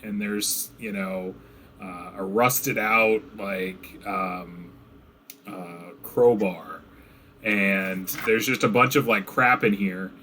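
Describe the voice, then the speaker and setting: A man's voice: lowish voice, steady tone, slow pace, sharp tone, slight background noise. A young man narrating as game master in casual, rambling talk full of fillers. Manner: rambling, filler-heavy descriptions. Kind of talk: running a tabletop game, casual.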